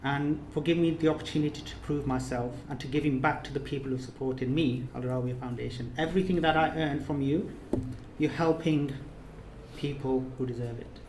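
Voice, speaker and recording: A man's voice: mid-range voice, steady tone, fairly quick, background noise. A man giving an earnest, emotional closing speech at a course ceremony, often repeating his words for emphasis. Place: reception room in a residence. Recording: echoey room, faint ambience.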